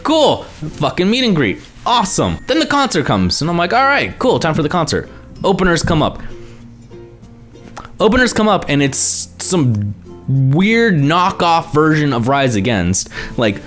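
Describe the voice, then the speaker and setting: A young man vlogging, his pitch swinging up and down as he rants about whatever is bugging him. He swears constantly and tosses in exasperated asides. Faint music plays quietly behind him. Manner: profane, animated ranting with exasperated asides. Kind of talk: ranting vlog monologue.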